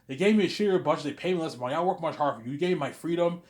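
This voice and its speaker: A man's voice: fairly high pitch, racing, slight background noise, pitched above the performer's own voice, close to an everyday voice. A man voicing an eager, reassuring male film director who earnestly promises to work hard and keeps repeating the other person's name.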